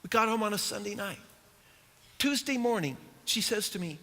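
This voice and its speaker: A middle-aged man preaches to a church congregation in an unusually high, bright voice. He keeps it conversational, with dry humor and rhetorical questions. His words ring out with the long reverb of a church auditorium. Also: expressive, normal speed. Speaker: pastor. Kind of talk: sermon.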